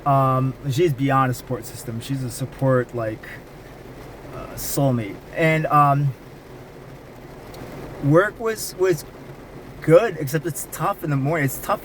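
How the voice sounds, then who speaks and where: A man speaks candidly to camera in a casual personal vlog. He rambles and restarts often, in a voice of middling pitch. Faint rain patters in the background. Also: takes it slowly, long pauses, a little hiss or hum.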